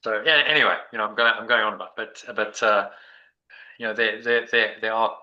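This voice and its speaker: A man's voice: lowish voice, steady tone, brisk, bright, forceful tone, lo-fi sound. A man leading a spiritual discussion group, talking in a meandering, reflective way with many restarts. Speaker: meditation group leader.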